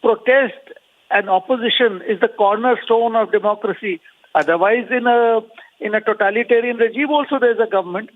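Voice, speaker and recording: A man debates combatively over a tinny, phone-like connection, his voice fairly high. He pushes rhetorical questions again and again, dotting his speech with uh and um. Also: normal speed. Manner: argumentative, rhetorical questions, many fillers. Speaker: opposition party leader. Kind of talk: remote debate panelist. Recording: phone-like remote line.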